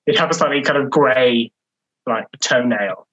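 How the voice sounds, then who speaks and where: A man's voice: medium pitch, unhurried, dull audio, a crowd in the background. A man co-hosting a casual film podcast, making dry, absurd jokes. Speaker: podcast co-host.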